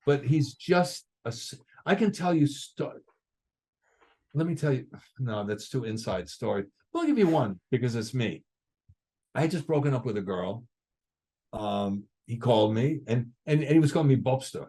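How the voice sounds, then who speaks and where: A man's voice: mid-range voice, moderate pace, slightly rough. An older man, a guest drummer, telling stories in a casual interview and acting out what others said. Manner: animated, acts out other people's lines in his stories.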